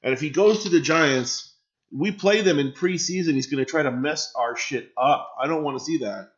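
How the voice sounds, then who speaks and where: A man's voice: on the high side, normal speed, lo-fi sound. A man hosting a casual live stream, chatting and reacting to viewer comments and swearing freely.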